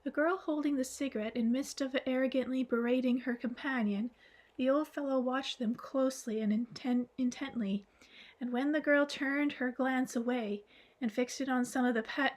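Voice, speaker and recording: A woman narrating an audiobook at a steady pace, stumbling and restarting now and then. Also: high-pitched, moderate pace. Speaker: audiobook reader.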